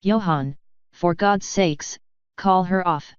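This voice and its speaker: A man's voice: high-pitched, takes it slowly, clean tone, no echo. A woman voicing a sardonic, grumbling human man with a dry, exasperated manner, in a dull lo-fi recording.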